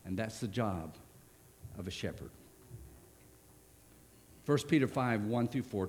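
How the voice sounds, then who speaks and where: A man preaching a sermon, stressing words hard and then dropping to a soft voice for key points. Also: medium pitch. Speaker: pastor.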